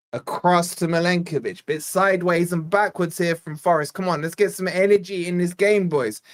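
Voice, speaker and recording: A man's voice: fairly high pitch, fairly bright tone. A man born in Scotland hosting a live football watch-along, giving casual play-by-play and bantering with his chat. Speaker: fan channel host.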